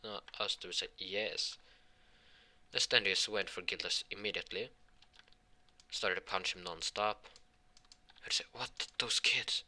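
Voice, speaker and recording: A man improvising a fan fiction story, rambling and halting as he voices the characters' lines in his own voice. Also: low-pitched, sharp tone. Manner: rambling, halting delivery with many restarts.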